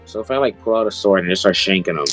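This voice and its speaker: A man's voice: low voice, rapid-fire, fairly bright tone, soft background music. A young man playing a tabletop game, joking crudely and rowdily with his friends. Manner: rowdy, joking, put-on slang. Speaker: player.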